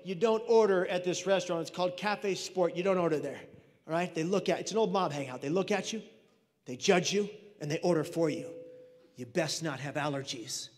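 A man's voice: sits high, a little fast. A man telling a comic personal story at a speaking event, acting out voices of the people in it. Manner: animated, comic, acts out voices of others. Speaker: mental health speaker. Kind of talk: storytelling keynote talk. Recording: reverberant hall.

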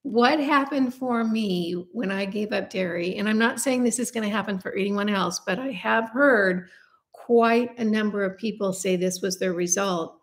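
Woman, 50s, channel host; friendly, confiding Q&A delivery, mid-range pitch. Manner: chatty, confiding, self-deprecating asides. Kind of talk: casual Q&A chat to camera.

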